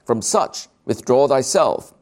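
A man preaching a sermon, slow and emphatic, drawing out key words. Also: mid-range voice, lively intonation, a little mellow.

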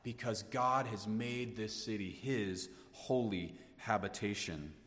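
Preacher in a reverberant hall. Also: male voice, lowish voice, slow pace. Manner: dynamic preaching, dropping to hushed tones then rising emphatically. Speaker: pastor. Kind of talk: sermon.

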